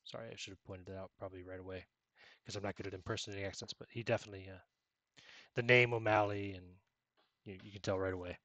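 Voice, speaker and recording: A game master describing a scene in a relaxed, filler-laden way. His voice is low-set with a bright, forward edge, recorded dry and close. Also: fast, no room sound. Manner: casual, filler-heavy, self-correcting. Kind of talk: narrating a tabletop game.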